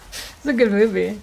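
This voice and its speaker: Gravelly-voiced woman streamer teasing chat. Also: mid-range voice, noisy background. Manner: joking, teasing chat banter. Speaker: game streamer.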